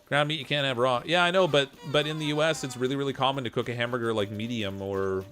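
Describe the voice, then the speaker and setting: A Canadian-accented man talks casually while he plays a game, in a mid-pitched voice. He reads out chat comments and answers them in a loose, rambling way. He breaks into laughter often. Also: fast talker, a bit bright. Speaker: gameplay streamer reading chat.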